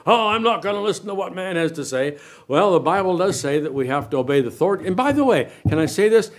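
Older man, sermon preacher, slightly higher voice, animated and questioning the congregation. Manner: animated preaching, asks the room questions, varies loudness a lot. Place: church sanctuary.

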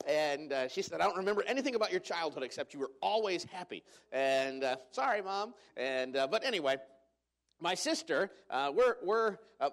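A middle-aged man preaching to his congregation in a church auditorium, with a slightly raised pitch. He tells family stories with jokes, loose and chatty, full of "uh" and restarts. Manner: storytelling with humor, many fillers and restarts. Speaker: pastor. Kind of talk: sermon.

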